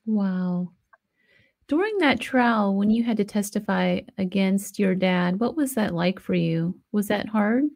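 A woman hosts a podcast interview, prompting her guest with short questions. Her voice has a noticeable creaky, gravelly edge at a middle pitch. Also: unhurried, a little mellow. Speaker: podcast host.

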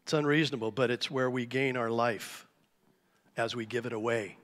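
A man preaching a sermon to a church congregation, telling a story with lively, animated delivery. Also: medium pitch, normal speed. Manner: animated storytelling, acts out shouted cries. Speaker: pastor. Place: church sanctuary. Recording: live church hall reverb.

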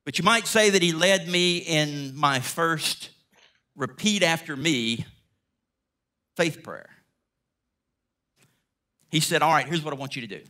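A middle-aged man speaks as a guest preacher, telling a personal story from the pulpit. His voice is bright and ringing. He acts out each person's lines as he goes. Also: fairly high pitch, slow pace, pauses often. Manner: animated storyteller, acts out dialogue. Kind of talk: sermon storytelling.

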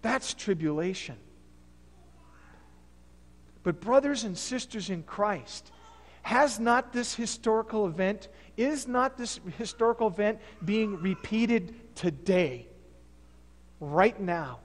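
A man's voice: high voice, lively intonation, slow, long pauses, long reverb tail. A male pastor preaching a sermon in a conversational, storytelling manner. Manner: conversational preaching, fillers and restarts. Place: church sanctuary.

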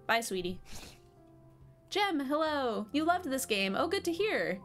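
A woman's voice: high-pitched, sing-song, moderate pace, fairly bright tone, soft background music. A young adult woman streamer chatting casually and affectionately on a live stream, swearing now and then.

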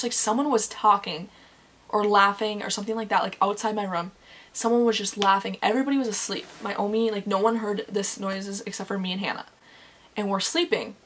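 A woman's voice: mid-range voice, a bit bright. A young woman vlogger telling a story to camera in a casual, chatty way, full of "like" fillers and swearing. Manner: chatty, swears often, says "like" a lot.

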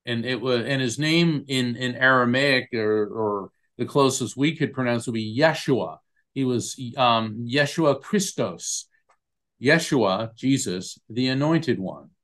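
A man at an ordinary middle pitch talks through a podcast interview with animated storytelling. He breaks into the voices of the people in his stories as he goes. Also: a little slow. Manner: animated storyteller who acts out quoted voices. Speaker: guest, medium and lawyer.

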